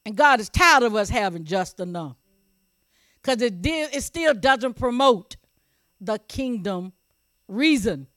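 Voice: medium pitch, animated, a little slow, long pauses, fairly bright tone, no room sound, studio quality. A preacher delivering a sermon with emphasis, repeating key phrases and asking the audience whether they are paying attention. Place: church service also streamed online.

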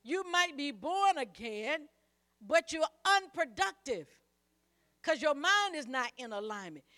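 A woman's voice: high-pitched, very animated, a little slow, pushed and bright. A woman preacher delivering a sermon, emphatic and repetitive, calling on the congregation to repeat after her. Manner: emphatic, repeats phrases, calls on the congregation to respond.

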